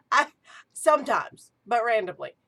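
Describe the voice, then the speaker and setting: A woman's voice: mid-range voice, a bit bright. A woman, an archpriestess and ritual director, giving an eager, chatty teaching talk.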